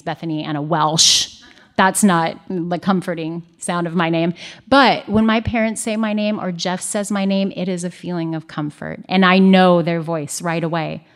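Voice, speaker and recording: A woman's voice: on the low side, fairly even intonation, normal speed. A married woman giving an earnest, conversational Bible study teaching, mixing scripture reading with personal asides. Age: young adult or middle-aged, married mother.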